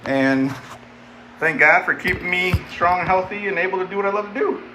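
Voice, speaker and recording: A man's voice: high-pitched, fairly even intonation, a little fast, reverberant. A man in his fifties chats through a live workout stream in a slightly raised voice, plainspoken and circling back over the same points. The sound bounces around a bare home basement, with a faint hum of room noise underneath. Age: 50s. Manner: plainspoken, rambling, repeats himself. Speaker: fitness streamer. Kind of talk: casual live-stream chat while lifting.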